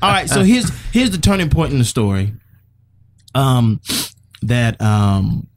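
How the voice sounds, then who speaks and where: A man telling a personal story as a guest on a talk show, animated and laughing often. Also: medium pitch, unhurried.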